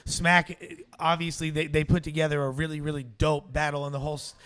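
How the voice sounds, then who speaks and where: A man co-hosting a casual podcast chat with animated, slangy, swearing banter. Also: fairly high pitch, fairly quick, clean tone. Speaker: co-host.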